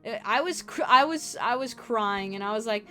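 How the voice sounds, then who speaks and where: Profane, animated young woman streamer. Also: a little high, normal speed, faint music behind. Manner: animated, profane, acts out quoted people. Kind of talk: casual storytelling chat.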